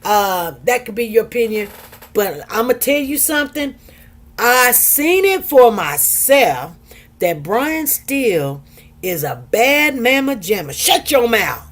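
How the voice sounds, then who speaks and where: A woman talks casually to her audience in a fairly high voice. She tells personal stories with lots of animation and acts out each quote. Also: very animated, slow. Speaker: commentary host. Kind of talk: casual talk commentary.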